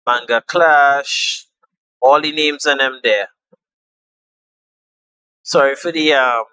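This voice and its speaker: A man's voice: medium pitch, bright, forceful tone, clean tone, no echo, rough recording. A young man walking viewers through a phone app in a casual, chatty tutorial, repeating steps and trailing off with fillers. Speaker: tutorial host.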